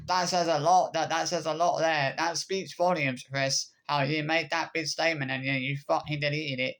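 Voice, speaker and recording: A man's voice: on the high side, fairly even intonation, moderate pace, creaky, bright, forceful tone. A man in an angry, swearing vlog rant, repeating himself with frequent hesitant restarts. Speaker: vlogger.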